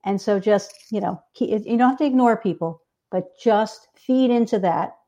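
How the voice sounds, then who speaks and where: Mellow-voiced woman guest author. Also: mid-range voice, normal speed. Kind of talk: interview chat.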